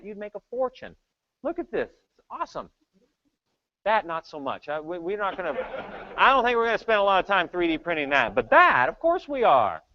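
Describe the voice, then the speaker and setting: Man, tech conference talk, animated joking storyteller, very lively pitch, dry dull recording. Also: dry recording. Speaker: conference speaker, tech evangelist. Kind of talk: humorous keynote talk.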